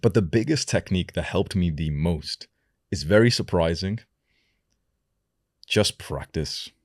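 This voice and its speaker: Deep-voiced young man giving calm advice. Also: slightly rough, no echo, studio quality. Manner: slow, deliberate delivery with lowered sentence endings. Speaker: self-improvement coach. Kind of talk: advice talk to camera.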